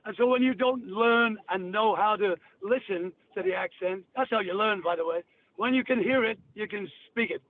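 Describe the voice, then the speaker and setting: A man's voice: sits high, moderate pace. A man rambling bluntly and cursing on a call-in show. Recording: tinny phone line with hiss.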